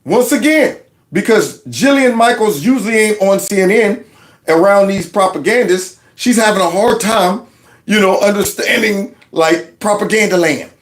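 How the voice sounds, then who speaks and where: A man hosting casual political commentary, talking in an animated, mocking way and laughing often. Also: sits high, moderate pace. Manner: quotes others in a mock voice. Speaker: commentary host.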